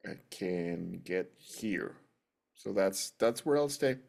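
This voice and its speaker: A man playing in a tabletop game, playful and casual, with sound effects thrown in. He speaks very slowly in a low, gravelly voice. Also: animated, a little mellow. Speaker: player.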